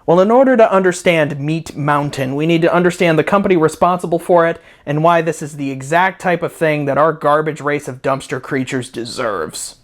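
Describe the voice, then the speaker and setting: A man's voice: fairly high pitch, normal speed, few pauses. A man hosting a comedic review video from home, ranting in a sarcastic, profane, rambling way. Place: at home with a dog.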